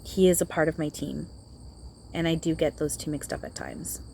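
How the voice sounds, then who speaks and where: A woman's voice: sits low, wildly swooping pitch, normal speed, gravelly, dark tone, a little hiss or hum. A woman talking outdoors in a channeling vlog, hesitant and reassuring, often repeating herself. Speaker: spiritual channeler.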